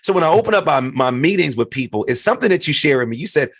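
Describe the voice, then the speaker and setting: A middle-aged man from the United States hosting a podcast, talking in a lively way and acting out what others said. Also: on the high side, racing, slightly rough, no echo, studio quality. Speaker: podcast host. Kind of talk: casual conversation.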